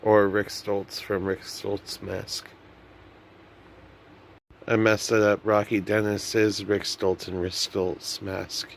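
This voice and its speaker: Gravelly, slow-talking young man rambling. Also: lowish voice, level tone, a little hiss or hum. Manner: rambling, self-mocking, loses his thread. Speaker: vlogger. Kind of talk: rambling comedic monologue to camera.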